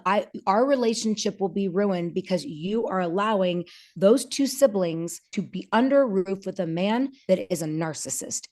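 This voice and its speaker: A woman's voice: medium pitch, a little mellow. A woman in her forties, a podcast guest, talking candidly and earnestly, with frequent restarts, and voicing the people she quotes. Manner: earnest, halting with many restarts, acts out quoted dialogue. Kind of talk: candid personal conversation.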